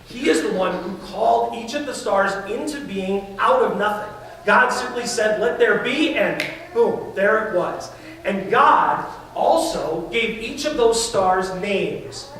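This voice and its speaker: A man's voice: sits high, animated, unhurried, fairly bright tone, slight background noise. A male pastor preaching a sermon in a church, emphatic and speaking directly to the congregation. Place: church sanctuary. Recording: very echoey church sound from a distance.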